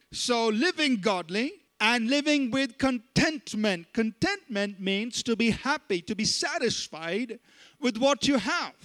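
High-voiced man preaching a sermon. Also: fairly bright tone. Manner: emphatic preaching, slows down on scripture, asks congregation to respond. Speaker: pastor.

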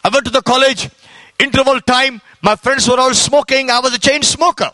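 A man's voice: extremely high pitch, steady tone, a little fast, sharp tone, no room sound. A man from India giving a fervent sermon testimony as an evangelist, telling his story with repetition and rising exclamations.

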